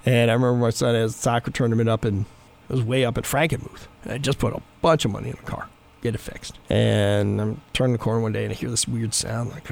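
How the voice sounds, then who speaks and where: Gravelly-voiced man preaching casually. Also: medium pitch, flat delivery, fast talker, a little mellow, slight background noise. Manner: conversational, folksy storytelling. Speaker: pastor. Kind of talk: sermon.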